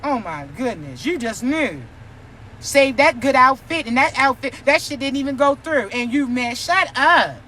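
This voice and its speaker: This woman's voice sits high and moves a little slowly, with a sharp tone and slight background noise. She's a spiritual reader delivering a warning rant, her reading coming out as a brash, profane, teasing scolding.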